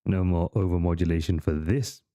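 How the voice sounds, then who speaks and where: A man's voice: sits low, fairly even intonation, a little fast, warm tone. A man streaming a game, chatting playfully with viewers and reading the story aloud. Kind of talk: live-streamed game narration.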